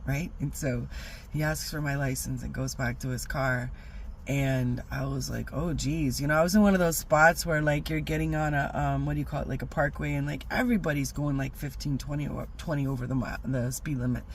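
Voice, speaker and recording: A middle-aged woman telling a rambling personal story in a casual vlog, animated and full of fillers. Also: sits low, a little fast, a little hiss or hum. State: teary-eyed. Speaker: vlogger.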